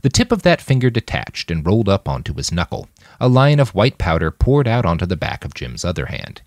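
Deep expressive male audiobook narrator. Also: a little fast, dry recording, studio quality.

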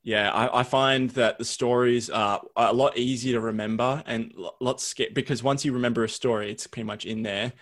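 A man's voice: medium pitch, steady tone, normal speed, hardly any pauses, a bit bright. A man hosting a casual podcast interview, asking easygoing questions with short agreeing replies. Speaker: podcast host.

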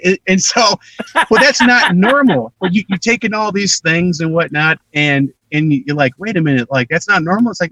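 A man's voice: on the high side, a little fast, no room sound, far from the mic. A man telling stories in a casual interview, acting out the voices of the people he quotes. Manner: animated, acts out quoted voices. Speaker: actor guest.

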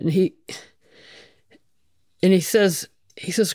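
A woman's voice: medium pitch, slow, pauses often, dark tone, dry recording, studio quality. A middle-aged woman, a firefighter, telling her story frankly in an interview, swearing casually and restarting her sentences often. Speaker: guest, firefighter.

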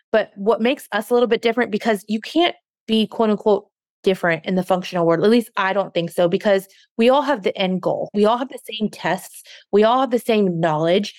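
A woman's voice: medium pitch, no echo. Woman, interview guest, earnest and heartfelt, mid-range voice, dry sound. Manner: earnest, passionate, openly emotional. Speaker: guest, fitness coach and business owner. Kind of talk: podcast interview.

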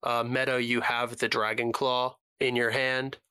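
A man's voice: mid-range voice, little pitch movement, a little slow, sharp tone, smooth, dry recording. A man running a tabletop role-playing game as game master, laughing often and slipping into character voices.

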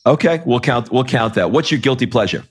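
Guy hosting a podcast, chatty, rambles, keeps restarting sentences, mid-pitched voice. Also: animated, fairly quick, slightly rough. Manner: rambling storyteller, many restarts. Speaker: podcast host. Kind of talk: casual interview chat.

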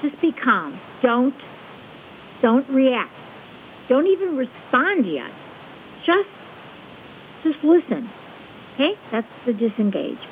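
Woman guest, high-ish voice, calm teacher, tinny phone line with hiss. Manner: calm, measured, checks in with "okay?". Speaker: guest expert on conflict resolution. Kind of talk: explaining a technique step by step.

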